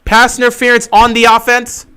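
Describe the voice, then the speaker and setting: A high-pitched, bright-voiced man calls a football game live for his stream viewers. He talks in animated bursts and hammers the same point again and again. At times he drops into a flat, deflated mutter. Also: moderate pace, smooth. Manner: animated, repeats points insistently, swings from excited to flat and deflated. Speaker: fan livestream host. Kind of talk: live game watch-along commentary.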